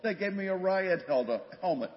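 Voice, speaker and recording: An older man recounts his rookie police days in plain, conversational storytelling, slipping into bits of quoted dialogue. His voice sits a little high. A long church reverb trails his words on a dull recording. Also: lively intonation, moderate pace. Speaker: guest speaker, former police officer. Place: church sanctuary.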